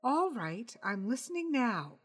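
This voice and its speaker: A woman's voice: a little high, big pitch swings, measured pace, breathy edge, soft background music, voice pushed up, heavily acted. A woman voicing a distracted wife who speaks in an offhand, dismissive, teasing way.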